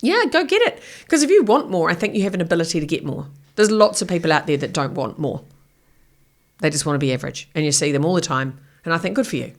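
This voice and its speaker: In a casual interview, a middle-aged woman who writes books and gives keynotes speaks as a guest in a low, animated voice at a quick pace. She's blunt and energetic, dramatizing brief quoted conversations.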